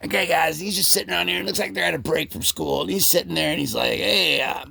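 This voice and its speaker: A man hosting a casual comic book read-through, joking and rambling as he voices the characters in quick asides. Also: a little high, steady tone, vocal fry, bright, forceful tone, breathy edge, no room sound, studio quality. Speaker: comic book channel host.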